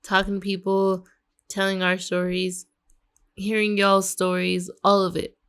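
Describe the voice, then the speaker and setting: A woman's voice: mid-range voice, completely flat delivery, measured pace, fairly bright tone, smooth. A woman co-hosting a podcast over tequila, tipsy and hiccuping as she jokes and chats casually. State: drunk with hiccups. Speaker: podcast co-host. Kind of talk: casual drinking chat.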